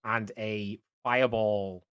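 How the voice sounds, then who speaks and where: A man's voice: fairly low pitch, steady tone, slow, fairly bright tone, smooth. A man narrating as game master for a tabletop game, talking loosely with lots of fillers and restarts. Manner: rambling, many fillers and restarts.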